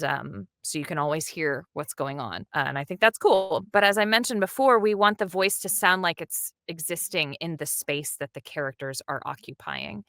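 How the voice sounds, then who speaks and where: Woman, dub director, animated interview chat, low voice, bright tone, dry close sound. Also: no room sound. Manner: animated and enthusiastic, quick asides and laughs.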